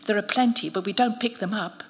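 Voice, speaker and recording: A woman's voice: medium pitch, fairly quick, lightly acted. A woman reading a dry, scornful young woman. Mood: dry, guarded. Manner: cutting, dry, demanding. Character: scornful young woman hitchhiker, cold and merciless. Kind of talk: literary reading. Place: live event venue. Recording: long reverb of a live event hall.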